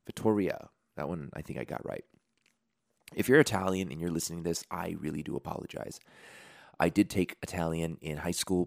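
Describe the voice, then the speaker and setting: A man with a very low voice hosts a podcast, rambling through sponsor reads and chat with a jokey, self-mocking streak. His voice sounds dry and close, with no room around it. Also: creaky, no room sound. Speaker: podcast host.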